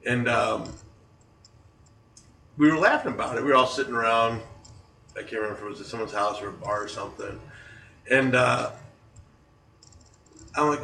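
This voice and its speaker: Bright-voiced man telling stories casually. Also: medium pitch, normal speed, creaky, pauses often, a little hiss or hum. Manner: loose, rambling storytelling with chuckles. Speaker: podcast host. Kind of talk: casual storytelling chat. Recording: echoey room, far from mic.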